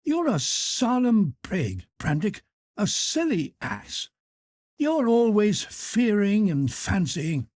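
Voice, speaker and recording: A man acting out a drunken, reckless man in an audiobook, his voice pushed high and strained as he bellows orders. The delivery is slow and heavy, recorded close and dry. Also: dry recording, exaggerated voice. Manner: slow, shouting, raised and strained.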